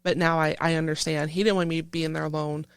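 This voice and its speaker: A woman who is a military veteran, telling a painful personal story in an interview in halting speech full of restarts. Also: low-pitched, little pitch movement, clean tone, dry recording. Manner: halting, with many restarts, recounting a painful memory. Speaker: veteran guest.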